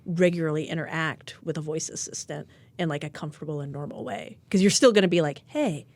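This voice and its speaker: Chatty, lower-voiced woman podcaster. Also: fast talker, no room sound. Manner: chatty, animated, lots of likes. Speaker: podcast co-host. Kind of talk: casual tech podcast chat.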